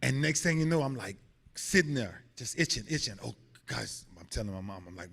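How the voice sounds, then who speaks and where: A man in his forties holds the floor as a guest speaker, spinning stories in a lively, animated way. He acts out each quote, his pitch leaping high and dropping low as he goes. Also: moderate pace, long pauses. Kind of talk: lively storytelling. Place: hotel banquet hall.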